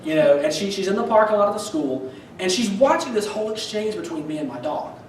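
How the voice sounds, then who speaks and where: Wry high-voiced man telling stories on stage. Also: sing-song, quick pace, a little hiss or hum. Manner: wry, self-deprecating, many fillers and restarts. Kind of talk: stand-up storytelling. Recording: roomy sound from a distance.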